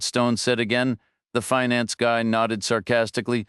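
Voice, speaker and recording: A man narrating a thriller with a smooth, resonant voice pitched on the low side. His delivery is steady and measured. The studio recording is dry and close. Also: dry recording. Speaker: audiobook narrator.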